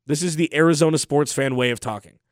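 A man's voice: fairly high pitch, fast, no room sound, studio quality. A young adult man hosting a sports podcast, talking casually with a sore throat, rambling and trailing off at the ends of phrases. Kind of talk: casual solo podcast talk.

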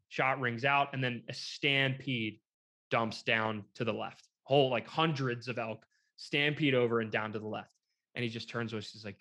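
A young man telling a story in casual conversation, lively and quoting people as he goes, with lots of filler words. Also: mid-range voice, normal speed. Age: young adult.

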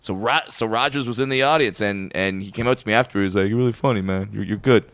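A man's voice: lowish voice, a bit bright, no echo. A man co-hosting a comedy podcast, quipping and stumbling over his words as he jumps in. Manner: stammering restarts, quick agreeing quips. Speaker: comedian co-host. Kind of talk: casual comedy podcast banter.

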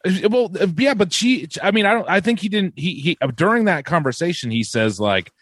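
A man guest in a casual podcast chat, joking around and stumbling over his words. His pitch moves a lot, and the recording is dry and close. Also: lively intonation, fairly quick, a bit bright, no echo.

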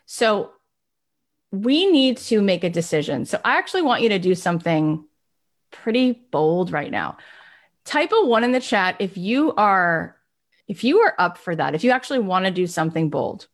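An energetic woman hosting a live motivational session, speaking straight to her viewers at a middle pitch. She talks with drive and urgency and pushes people to act. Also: moderate pace. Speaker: life coach and host of live session. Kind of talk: motivational talk to live chat.

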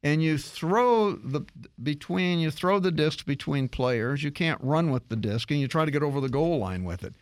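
A man hosts a tech talk radio show, spinning a story with frequent restarts and false starts. His voice sits a bit high and swings widely in pitch. The studio sound is close and dry. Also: lively intonation, normal speed, no room sound. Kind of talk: casual radio tech chat.

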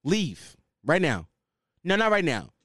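A man's voice: fairly high pitch, wildly swooping pitch, slow pace, fairly bright tone, dry recording, studio quality. A man hosting his own podcast, ranting in a loose, slangy, casual way. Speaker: podcast host. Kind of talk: casual solo podcast rant.

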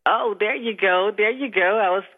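A woman's voice: mid-range voice, normal speed. A woman hosting an internet radio show in casual chat, bubbly and rambling, with many fillers and restarts. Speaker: radio show host and minister. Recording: phone-line audio.

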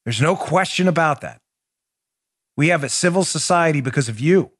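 A man's voice: a little high, animated, normal speed, dry recording, clean studio sound. A man hosting a political commentary podcast, speaking with impassioned indignation and frequent stumbling restarts. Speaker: podcast host.

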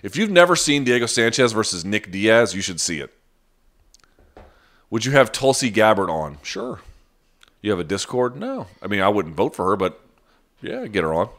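Deep-voiced blunt man hosting a chat. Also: big pitch swings, moderate pace, long pauses, a bit bright. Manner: blunt, profane, talks off the cuff. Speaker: live chat host answering viewer questions. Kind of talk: casual live-stream chat.

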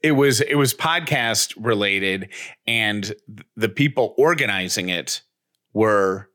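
A man's voice: lowish voice, animated, slow pace, pushed and bright. A man co-hosting a podcast, telling a story in casual chat, rambling and poking fun at himself, with many restarts. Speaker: podcast co-host.

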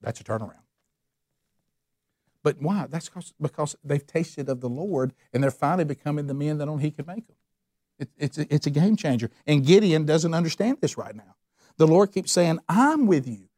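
A man's voice: lively intonation, normal speed, a little mellow, dry recording, clean studio sound. Fervent man teaching scripture. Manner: fervent, conversational preaching with sudden pitch jumps. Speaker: Bible study teacher. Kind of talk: sermon-style Bible teaching.

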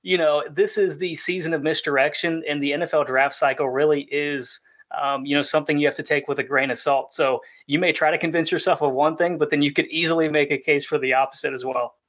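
A man speaking in a measured, explanatory way as a podcast analyst. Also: a little high, fairly even intonation, a bit bright. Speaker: draft analyst. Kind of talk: podcast discussion.

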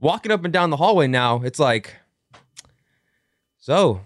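A man hosting a casual sports podcast, energetic and upbeat, with a sing-song lilt when he opens the show. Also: on the high side, fairly quick, no room sound, clean studio sound. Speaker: podcast host.

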